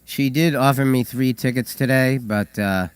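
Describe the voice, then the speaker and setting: A hoarse man co-hosting a call-in show, telling stories with hesitant fillers and dry humor. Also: medium pitch, normal speed, no room sound. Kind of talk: casual radio chat.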